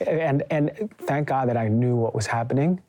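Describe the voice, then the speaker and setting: A man's voice: medium pitch, normal speed, highs cut off. A young man hosting a podcast, telling a story animatedly with lots of fillers and acted-out quotes. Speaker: podcast host. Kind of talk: casual conversation.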